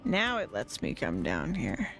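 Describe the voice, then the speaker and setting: Playful gaming streamer with an animated voice. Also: mid-range voice, measured pace, creaky, soft background music. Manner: playful, chatty, teasing the game characters. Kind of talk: casual gameplay livestream.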